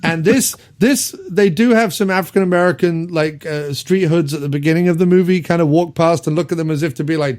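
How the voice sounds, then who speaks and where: A man hosting a podcast, reviewing an old movie in casual chat, rambling with lots of ums and quick laughs. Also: a little high, darkish tone. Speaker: podcast host.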